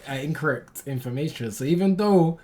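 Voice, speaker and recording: A British man giving casual reaction commentary on a track. His talk is animated and slangy. He bursts out loudly, then drops to low asides. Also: brisk. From United Kingdom. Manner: animated, slangy, jumps between loud outbursts and low asides. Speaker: reaction video host.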